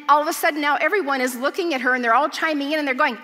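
Woman pastor, high bright voice, storytelling sermon, long church reverb. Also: fast talker, hardly any pauses. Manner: storytelling, humorous and earnest. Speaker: church speaker. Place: large church auditorium.

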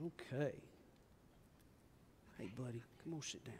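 A man, a pastor gently coaxing small children through a children's message during a church service. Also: mid-range voice, measured pace, a little hiss or hum. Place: large church sanctuary. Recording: long church reverb.

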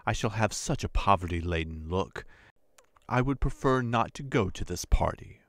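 A man's voice: lowish voice, expressive, moderate pace, fairly bright tone, dry recording. A man voicing a vain, discontented young wife in an audiobook, speaking in a plaintive, complaining way. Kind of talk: audiobook character voice.

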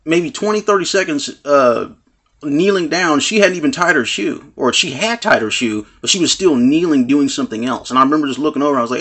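Man, vlogger. Husky, gravelly voice, rambling casual storytelling, acts out quotes with cursing. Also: a little high, lively intonation, brisk, fairly bright tone. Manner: rambling, full of "you know what I'm saying"; acts out quoted lines with swearing. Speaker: vlogger telling a personal story.

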